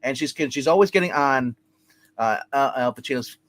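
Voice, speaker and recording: A man's voice: medium pitch, expressive, normal speed, a bit bright. A man reviewing a film in casual chat, rambling with lots of fillers and restarts, acting out characters' lines as he goes. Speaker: movie reviewer. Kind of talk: casual podcast movie review.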